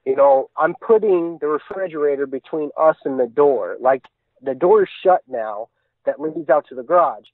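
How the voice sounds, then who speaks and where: A fairly high-voiced man tells his story with earnest urgency, stringing moments together in long run-on chains. He comes through a thin, narrow phone line with a dry, close sound. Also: normal speed, no echo. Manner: earnest, tumbling run-on retelling. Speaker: guest recounting an encounter. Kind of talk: casual storytelling.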